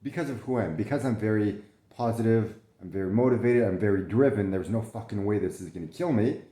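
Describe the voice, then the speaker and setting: Lying in bed at home, a young man records a casual vlog about his illness, speaking fast in a fairly low, dark voice that echoes off the room. He talks candidly and swears often, restarting his sentences, coughing, and running short of breath.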